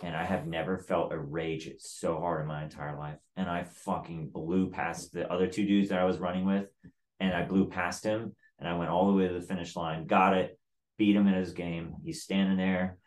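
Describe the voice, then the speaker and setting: A man's voice: deep voice, level tone, normal speed. A man telling a story in casual chat, blunt and profane, with lots of "like" in his talk.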